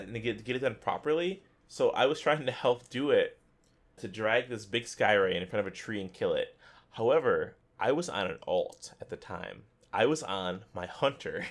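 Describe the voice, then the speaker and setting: A man's voice: medium pitch, fairly bright tone. A man co-hosting a casual gaming podcast, joking and laughing often as he talks. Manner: playful, laughs often, jokey asides. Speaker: podcast co-host.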